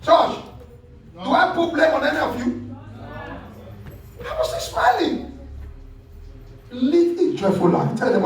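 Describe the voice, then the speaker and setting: A man's voice: extremely high pitch, sing-song, a little slow, long pauses. A male pastor preaching a sermon in an emphatic call-and-response style. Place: church hall. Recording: echoey hall, distant mic, faint music.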